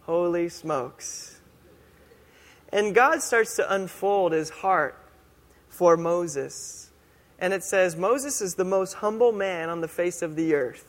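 A man preaching a sermon in a casual, conversational way, slowing down to stress key phrases. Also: high-pitched. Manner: conversational, casual, with slow, emphatic punchlines. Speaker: pastor. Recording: long hall reverb.

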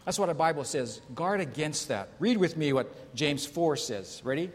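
A man's voice: on the high side, expressive, moderate pace. A man preaching a sermon as a pastor, asking the congregation questions, reading scripture aloud and telling jokes with raised voices for the characters. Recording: long hall reverb.

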